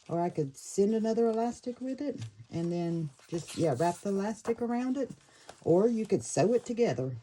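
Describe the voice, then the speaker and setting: Chatty woman, low and mellow. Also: a little hiss or hum, poor audio. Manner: chatty, thinking aloud, stops to fiddle with pieces. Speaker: paper craft creator. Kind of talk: casual craft flip-through.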